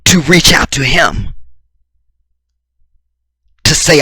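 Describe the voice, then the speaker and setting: A man's voice: mid-range voice, animated, measured pace, sharp tone, no room sound. A man giving a combative, profane reaction commentary full of rhetorical questions.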